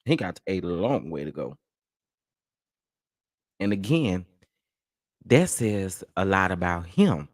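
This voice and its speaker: Low-voiced man chatting dismissively. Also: very animated, slow, pauses often, no echo, clean studio sound. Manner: chatty, dismissive, laughs often. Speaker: host of a commentary channel. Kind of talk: casual livestream commentary.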